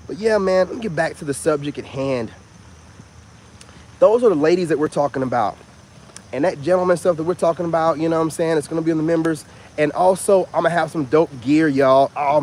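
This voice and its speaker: A man with a slightly higher voice gives a casual self-help vlog monologue. He rambles in an animated way and swings his pitch up and down. He keeps circling back to filler phrases. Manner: animated, rambling, repeats "you know what I'm saying".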